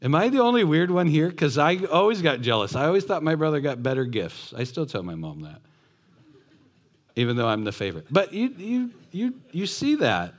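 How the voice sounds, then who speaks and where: A man's voice: fairly high pitch, very animated, normal speed. A man preaching a sermon who acts out the voices and asks his congregation questions. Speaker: pastor.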